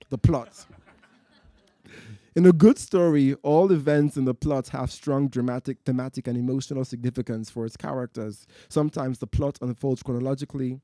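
A man from West Africa, a poet and storyteller, performing live in a festival tent with measured, rhythmic, vivid delivery. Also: medium pitch, mellow, no room sound, clean studio sound. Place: night-time festival marquee.

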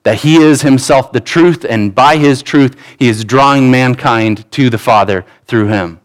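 A man preaching a sermon, acting out scripture quotes with animated shifts and frequent restarts. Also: medium pitch, unhurried, smooth. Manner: speech with frequent restarts and repeated words. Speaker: pastor.

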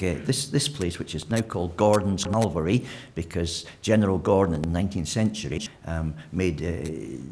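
Chatty preacher with a low voice. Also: male voice, a little mellow, a little hiss or hum. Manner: conversational, with frequent fillers and restarts. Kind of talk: sermon. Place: church.

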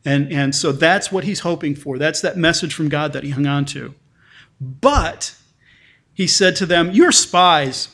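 A man's voice: a little high, a little slow, fairly bright tone. Man preaching with restarts. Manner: conversational, frequent restarts and repeated words; reads scripture passages aloud with lifted emphasis. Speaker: pastor. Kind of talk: sermon.

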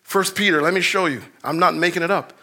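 A man preaching a sermon, telling stories and reading scripture, swinging from shouted emphasis to low, quiet asides. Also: fast talker. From grew up in a housing complex. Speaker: pastor.

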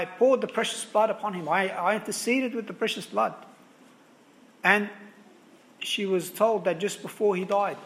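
High-voiced priest preaching earnestly. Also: male voice, fairly bright tone. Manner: earnest, rhetorical questions, frequent restarts. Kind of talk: sermon.

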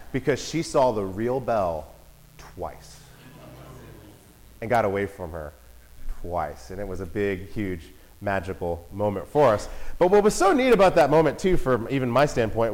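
A father telling a family story in a casual, animated way. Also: fairly low pitch, poor audio. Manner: animated, acts out voices and shouts in quotes.

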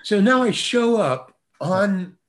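Lively, higher-voiced older man telling a story. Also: slow pace. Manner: acts out quoted voices, laughs often. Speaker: actor guest. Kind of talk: animated storytelling.

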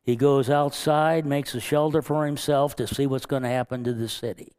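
A man's voice: mid-range voice, steady tone, moderate pace, a little mellow, smooth. A man preaching as pastor, earnest, chuckling now and then and acting out quoted lines. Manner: earnest, chuckles often, acts out God's lines. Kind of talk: sermon.

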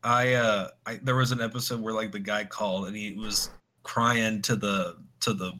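In a laid-back podcast conversation, a male co-host wanders from story to story with frequent laughter and performed quotes. He talks at normal speed in a fairly low, sharp-toned voice with fairly even intonation.

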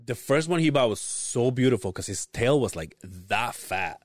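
A man's voice: medium pitch, animated, moderate pace, no echo, studio quality. A man co-hosting a podcast, laid-back and profane, laughing often as he tells stories. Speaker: podcast co-host. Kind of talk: casual chat.

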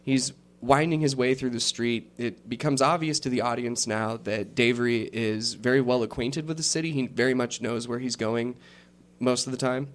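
A man narrating a tabletop game as game master, unhurried and rambling, with many fillers. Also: medium pitch, fairly even intonation.

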